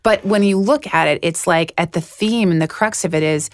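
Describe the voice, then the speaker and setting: A woman in her forties co-hosting a podcast, telling stories in a heated, frank, animated way. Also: fairly low pitch, moderate pace, no echo, studio quality. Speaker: podcast co-host. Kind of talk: casual chat.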